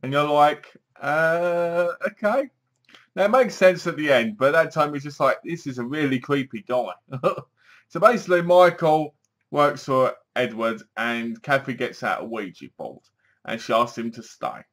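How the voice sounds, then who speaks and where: A man's voice: on the high side, unhurried, fairly bright tone. A man giving a casual spoken review of a TV episode, acting out the scenes as he retells them. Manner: chatty, acts out scenes with sighs and gasps.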